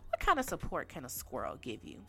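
A woman hosting a podcast, ranting casually and talking straight to her listeners in animated, slangy speech. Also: rumbling low, fast talker, slightly rough. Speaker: podcast host.

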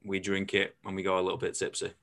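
A man's voice: low voice, fast talker, creaky. A young man hosting a casual podcast chat, telling stories with lots of swearing. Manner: swearing, storytelling, animated. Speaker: host.

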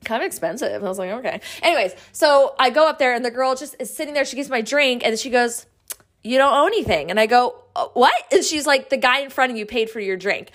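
A woman podcast host telling a personal story in a casual, excitable, chatty way, acting out the quoted lines. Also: a little high, quick pace.

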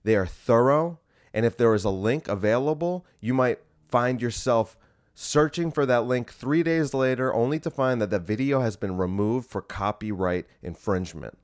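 A man hosting a solo podcast, ranting in an exasperated, animated way with plenty of swearing. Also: mid-range voice, normal speed, no echo, studio quality. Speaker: podcast host. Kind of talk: casual solo podcast rant.

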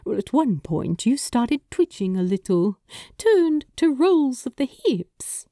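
A woman voicing a fussy, affectionate male angel in an audiobook reading, prim and gently mocking. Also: high voice, big pitch swings, slow, no room sound, studio quality, pitched above the performer's own voice, full character voice. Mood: fond.

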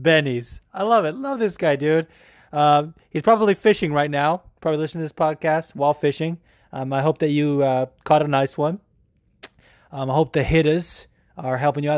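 A man's voice: a little high, a little mellow, no room sound, clean studio sound. An American man hosting a podcast in casual chat, rambling, swearing freely and laughing easily. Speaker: podcast host.

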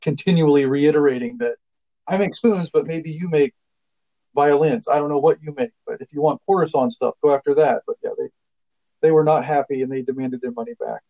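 Male guest, warm, slightly high voice, dry self-mocking jokes. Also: brisk, lo-fi sound. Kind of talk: casual chat.

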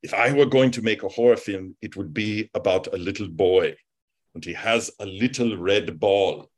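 A man doing an impression of a famous film director, speaking in formal, deliberate and grandly earnest sentences. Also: lowish voice, natural voice. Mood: solemn. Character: famous older male film director, grave and solemn.

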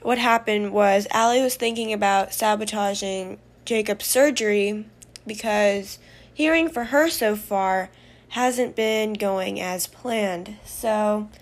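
Lady narrating her own story, chatty recap, easygoing. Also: medium pitch. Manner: informal, recapping with fillers.

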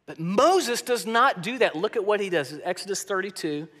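A male pastor preaching a sermon, telling scripture stories with animated swings in pitch and loudness. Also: normal speed, in a large hall.

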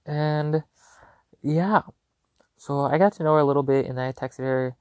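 A young man hosting a podcast, telling a long story in a casual, animated and rambling way with lots of fillers. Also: fairly high pitch, moderate pace, clean tone, dry recording. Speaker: podcast host.

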